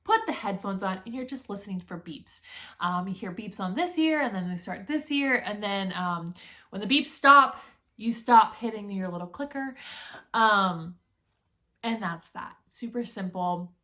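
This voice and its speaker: A young woman vlogging, chatty and animated as she tells a story and acts out her own nervous reactions. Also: mid-range voice, a little slow. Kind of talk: casual storytelling to camera.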